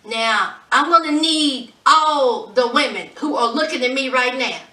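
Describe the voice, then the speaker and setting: Brief: woman reality-show reviewer, sassy and exasperated, unhurried delivery, roomy sound. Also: high voice, bright, forceful tone, distant mic. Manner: sassy, exasperated, keeps calling viewers honey. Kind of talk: casual chat review. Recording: echoey room, voice off-mic.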